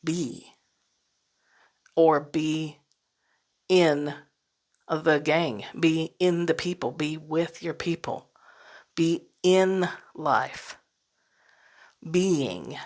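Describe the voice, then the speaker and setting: A woman's voice: low-pitched, drawn-out words, pauses often, darkish tone. A woman hosting a solo podcast, talking casually and reflectively, laughing often and dropping into whispered asides. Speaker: podcast host.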